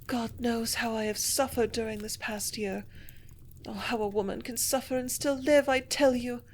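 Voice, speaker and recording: A woman's voice: on the high side, moderate pace, a little hiss or hum, voice pushed up, lightly acted. A woman reading the part of a young woman in despair in an audiobook, with a strained, tormented manner.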